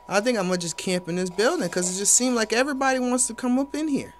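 A man's voice: high-pitched, animated, brisk, a little hiss or hum. Hyped young man calling his gameplay. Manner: hyped, playful, talks to viewers, sudden loud exclamations. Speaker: gaming YouTuber. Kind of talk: live gameplay commentary.

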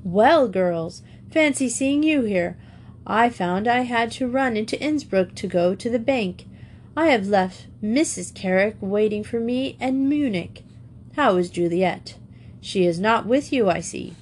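A woman voicing a polite, genial middle-aged gentleman in a storybook reading. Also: a little high, animated, a little slow, a little hiss or hum.

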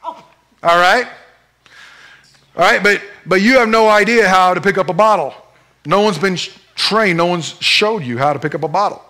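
A man preaches at a church service in a high, bright voice. He is playful and animated, joking with a volunteer as he demonstrates his points. His tone is clear and forceful. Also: normal speed, long pauses. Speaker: pastor. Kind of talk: sermon.

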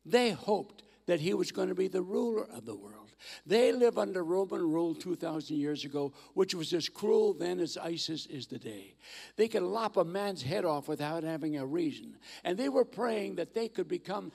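An older man in his eighties preaches as a guest speaker, telling stories with folksy humor. His voice sits a bit high and has a gravelly edge. The sound carries the long reverb of a big church sanctuary. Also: expressive, moderate pace, darkish tone. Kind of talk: sermon.

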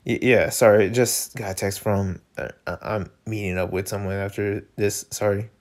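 A man's voice: lowish voice, fairly even intonation, normal speed, voice pushed down, lightly acted. A man reading a webcomic aloud, voicing a shy and anxious teenage boy who speaks hesitantly. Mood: flustered. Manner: hesitant, soft-spoken.

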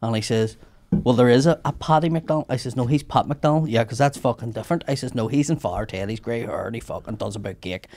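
A man's voice: medium pitch, fast talker. A man, a comedian telling sweary stories in casual podcast chat. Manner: animated, sweary storytelling.

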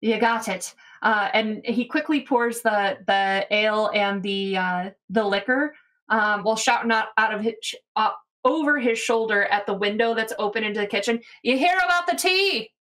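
A woman's voice: mid-range voice, moderate pace, fairly bright tone. A woman narrating a tabletop game as game master in an easygoing way. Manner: easygoing, many fillers.

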